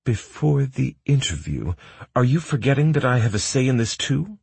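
A man voicing a confused, stubborn young woman in an audiobook, raising his voice to a higher pitch and pressing with questions. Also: big pitch swings, normal speed, vocal fry, darkish tone, slightly rough, no room sound, exaggerated voice. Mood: defiant. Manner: raised pitch, insistent questioning. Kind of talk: audiobook character voice.

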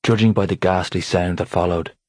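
Deep, husky male audiobook narrator. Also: steady tone, fairly quick, darkish tone, no room sound. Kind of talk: scripted narration.

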